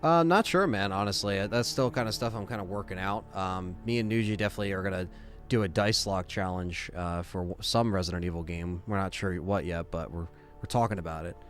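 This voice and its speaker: A man chatting casually while streaming a game live, excitable and quick to swear. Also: low voice, faint music behind. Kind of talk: casual live gameplay chat.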